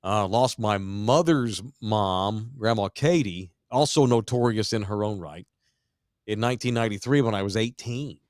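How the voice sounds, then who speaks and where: A man's voice: fairly low pitch, moderate pace, no room sound, studio quality. A man in his forties from Texas, hosting a podcast and telling a family story in casual, profane chat. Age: 40s. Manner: profane, animated storyteller, shouts quoted lines. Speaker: podcast host.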